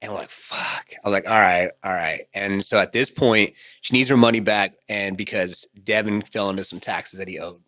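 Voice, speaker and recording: A man's voice: lowish voice, fairly even intonation, fairly quick, hardly any pauses, fairly bright tone, dry recording. A man hosting a podcast, telling a long, loose story in casual chat with lots of swearing and slang. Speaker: podcast host.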